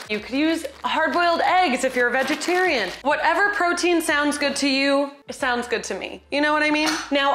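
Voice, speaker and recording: A woman's voice: sits high, fairly bright tone, reverberant, slight background noise. A woman hosting a casual cooking tutorial at home, talking in a bubbly, playful, chatty way. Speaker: cooking video host. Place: home kitchen.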